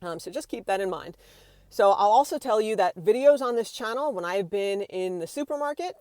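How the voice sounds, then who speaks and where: Female vlogger, chatty storytime delivery, quotes people with voices, mid-pitched, dead-dry close mic. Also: brisk, no echo. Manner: animated retelling with many fillers, acts out quoted voices. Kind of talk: storytime vlog.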